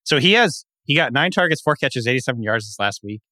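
A man co-hosting a sports podcast in casual chat, steady as he lays out statistics at length. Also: medium pitch, fast, dry recording. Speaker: podcast co-host.

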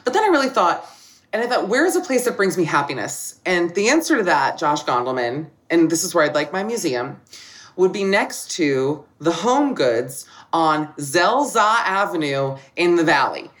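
Animated, laughing woman comedian. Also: fairly low pitch, normal speed. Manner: animated storyteller, laughs often. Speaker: podcast guest. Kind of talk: casual comedic chat.

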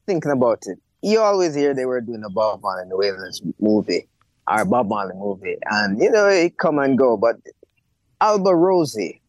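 A young man, an actor and bass player, telling a story in a casual interview and acting out the people he quotes. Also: lively intonation, normal speed, no room sound, dull audio. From Jamaica.

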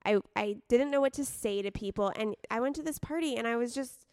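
Young woman podcast co-host, teasing and blunt, smooth, slightly high voice, close and dry sound. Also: brisk, no room sound. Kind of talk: casual chat.

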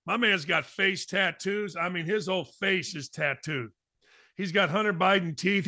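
A middle-aged man hosting a sports talk show, reading odd news stories and riffing on them in a jokey, animated way. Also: high-pitched, no room sound, studio quality.

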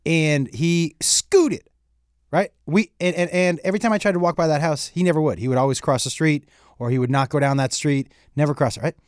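A man's voice: on the high side, brisk, clean tone, no room sound, clean studio sound. A middle-aged man, a comedian, telling a story in a casual chat, acting out the dialogue and swearing freely. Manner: animated storyteller, acts out dialogue, profane. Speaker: comedian guest.

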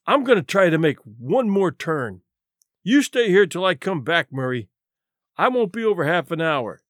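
A man doing a big, starving former police captain in a storybook, growling and huffing his complaints loud and gruff. His pitch leaps high and low as he blusters, and the sound is close and dry with no room around it. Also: sing-song, moderate pace, dry recording. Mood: grumbling. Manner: growling, grumbling, loud and huffy. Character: hungry blustering stout ex-police captain, male, middle-aged.

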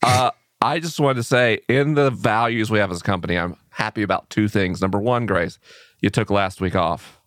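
A man co-hosting a live-streamed podcast in a playful, talkative, expressive way. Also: on the low side, moderate pace, no room sound, clean studio sound. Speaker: co-host. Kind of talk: casual live-stream chat.

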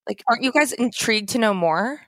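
A woman's voice: on the high side, expressive, fast, fairly bright tone, no room sound. A woman co-hosting a true crime podcast, trading dry, wry jokes and reading scripted narration. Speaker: podcast co-host.

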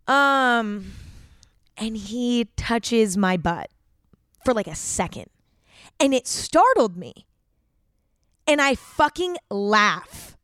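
A woman's voice: fairly high pitch, animated, very slow, long pauses, a bit bright, dry recording, studio quality. A young woman hosting a podcast and telling a personal story in a casual, chatty way, packed with fillers and frequent swearing. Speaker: podcast host.

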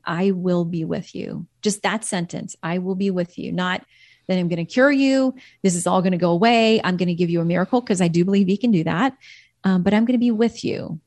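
A woman's voice: fairly low pitch, a little mellow, no echo, studio quality. A woman guest telling a personal story of faith in an earnest, reflective way. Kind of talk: personal faith testimony in an interview.

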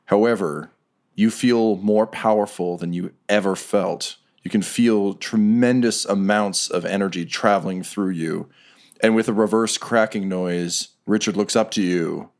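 A man narrating as game master of a tabletop game, describing scenes in a measured way. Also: on the low side, fairly even intonation.

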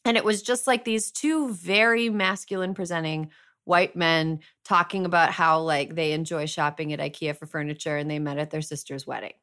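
A woman's voice: low voice, fairly even intonation, moderate pace, fairly bright tone, clear, resonant tone. Chatty woman podcast host. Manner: chatty, filler-heavy, playful. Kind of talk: casual chat.

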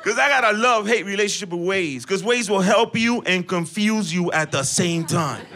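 A man doing a profane, animated stand-up routine on a club stage, acting out scenes with sudden yelps and shouts. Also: high-pitched, moderate pace, faint music behind. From Latino, in Los Angeles. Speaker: stand-up comedian. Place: comedy club stage with audience. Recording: noisy live club recording with laughter.

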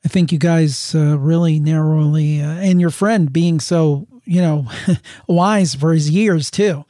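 A man's voice: fairly high pitch, fairly even intonation, slow pace, warm tone, no echo, clean studio sound. A man hosting a podcast, chatting casually with a guest in an easygoing, hesitant way. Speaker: podcast host. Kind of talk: casual chat.

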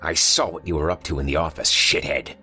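A man voicing a spiteful old man with a hoarse, papery, hissing voice, making slow sneering threats. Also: a bass voice, steady tone, bright, forceful tone, faint music behind, full character voice. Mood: sneering menace.

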